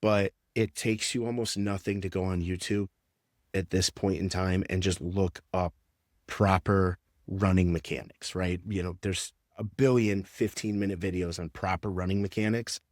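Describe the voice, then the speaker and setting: A man's voice: sits low, fairly even intonation, normal speed, darkish tone, no echo, studio quality. A man who works as a strength and conditioning coach, explaining training in a casual podcast interview with lots of fillers.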